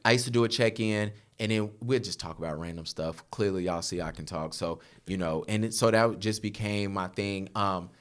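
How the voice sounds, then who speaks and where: A man in his thirties, a photographer guest on a podcast, telling stories in an animated, chatty way and laughing often. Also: fairly low pitch, normal speed, few pauses, smooth. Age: 30s. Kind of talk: casual storytelling chat.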